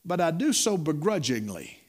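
A man's voice: fairly high pitch, huge pitch swings, normal speed, a little mellow. Folksy preacher man. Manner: folksy storytelling preacher, repeats words, calls listeners "my friend". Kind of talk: sermon.

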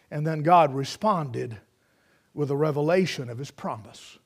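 A man preaching a sermon, fervently swinging from shouts to hushed tones and repeating phrases for emphasis. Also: a little high, unhurried.

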